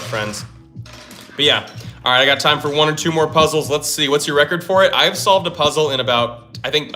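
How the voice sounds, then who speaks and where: A man's voice: medium pitch, sharp tone. Upbeat young male puzzle streamer. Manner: upbeat, hypes himself up, thinks aloud. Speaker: livestream host. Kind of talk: casual live-stream chat while solving puzzles. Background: faint lo-fi music.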